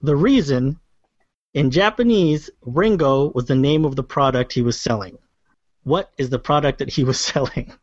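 A man's voice: medium pitch, moderate pace, dry recording. A man hosting a casual quiz game, joking and laughing easily. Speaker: quiz host. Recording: dry, dull sound.

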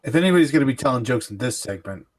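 A man's voice: mid-range voice, animated, rapid-fire. A man hosting a casual comedy podcast, playful and mock-formal, often stumbling and restarting his sentences. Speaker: podcast host.

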